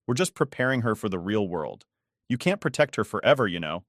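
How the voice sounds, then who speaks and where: A man's voice: lowish voice, sing-song, a little fast, no echo, studio quality. A man narrating quotes in the voice of a mocking older mother who plays innocent and dismissive.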